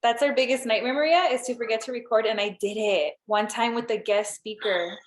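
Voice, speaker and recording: A woman's voice: a little high, a little fast. A woman co-hosting a podcast in a casual, chatty way, laughing often and swearing now and then. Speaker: podcast co-host. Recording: roomy echo.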